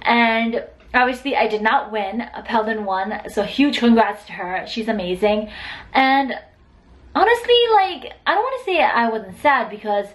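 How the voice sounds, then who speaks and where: Young woman from the States, emotional storyteller, bright fairly high voice, lots of fillers. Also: animated, unhurried, poor audio. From United States. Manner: chatty, emotional, many fillers like "like" and "oh my God". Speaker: vlogger. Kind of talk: casual storytime vlog.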